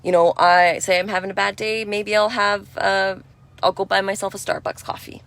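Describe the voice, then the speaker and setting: A woman giving a spiritual energy talk in a gentle, reassuring and affirming way, chatty with frequent "you know". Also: medium pitch, little pitch movement, normal speed, no echo. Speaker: spiritual speaker.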